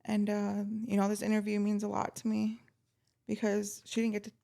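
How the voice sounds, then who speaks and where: Woman podcast host; strong vocal fry, even pitch; heartfelt and halting. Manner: heartfelt, halting, many fillers. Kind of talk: casual interview chat.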